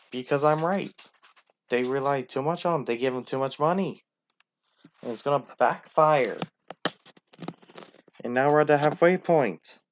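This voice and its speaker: A man giving casual, opinionated rankings commentary and talking straight to the teams. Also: medium pitch. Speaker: sports commentator.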